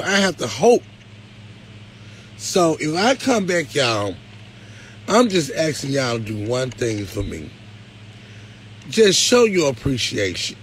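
A man hosting a live stream, talking casually, pleading one moment and loudly complaining the next. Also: a little high, slight background noise. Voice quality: animated, swings from pleading to loud complaint. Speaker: live show host.

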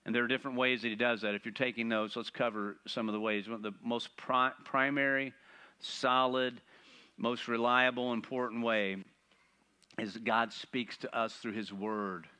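A man preaching a sermon, animated and playful, asking the congregation rhetorical questions. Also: medium pitch, moderate pace, clean tone. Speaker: pastor.

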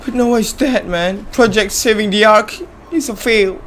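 Excitable male gamer narrating his play. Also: high-pitched, normal speed, faint music behind. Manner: excitable, yelling at enemies, laughing. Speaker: gaming channel host. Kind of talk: let's play commentary.

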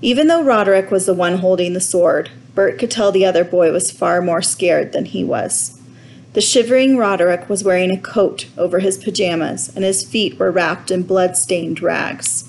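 A woman's voice: on the low side, normal speed, creaky, a little mellow, a little hiss or hum, poor audio. Woman reading a storybook aloud. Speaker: audiobook reader. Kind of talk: storybook narration.

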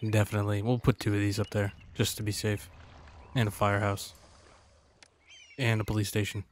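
A man rambles through a city-building game in casual commentary, swearing freely and heckling the little townsfolk. His tone is sarcastic and loose. Faint game music plays underneath. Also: lowish voice. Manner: profane, sarcastic, talks to game characters. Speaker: gaming channel host.

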